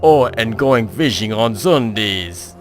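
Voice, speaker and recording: A man voicing an easygoing middle-aged husband with an exaggerated mock French accent, loud and hammy. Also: lowish voice, lively intonation, slow pace, faint music behind. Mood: laid-back. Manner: loud, hammy and laid-back.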